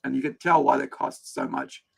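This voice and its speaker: Gravelly New Zealand man, rambling. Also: medium pitch, huge pitch swings, moderate pace. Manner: rambling, slangy, laid-back. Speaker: livestream host. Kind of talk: casual chat.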